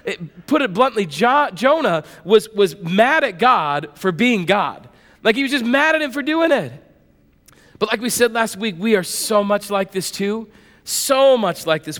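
A man preaching a sermon in a conversational, animated way, acting out the voices of biblical figures. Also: high-pitched, big-room sound. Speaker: pastor.

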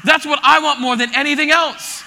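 A man in his thirties preaching an animated, joking sermon to a congregation in a church auditorium. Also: very high voice, normal speed, in a large hall. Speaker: pastor.

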